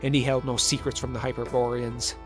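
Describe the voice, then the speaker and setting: A man narrating a dramatic legend in a measured, vivid storytelling manner. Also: medium pitch, level tone, over music.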